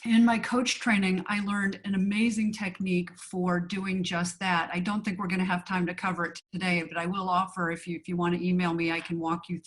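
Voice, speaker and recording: A woman's voice: fairly low pitch, flat delivery, a little fast, few pauses. A woman coach and former actor co-hosting a webinar, explaining ideas conversationally with frequent fillers and acted example lines.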